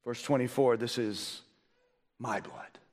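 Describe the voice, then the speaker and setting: A man preaching a sermon as pastor, asking the congregation rhetorical questions and swinging between loud emphasis and low, quiet delivery. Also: fairly even intonation, takes it slowly, in a large hall.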